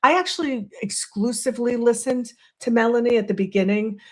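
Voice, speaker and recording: A woman with a Boston accent hosts a casual livestream, chatty and rambling while poking fun at herself. Her voice is on the high side, a little fast, with a darkish tone.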